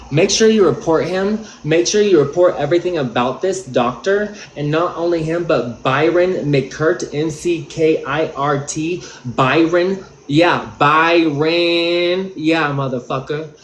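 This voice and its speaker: A man's voice: fairly high pitch, a little hiss or hum. Angry profane man ranting, echoey room. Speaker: livestream commentator. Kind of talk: livestream commentary. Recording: roomy echo.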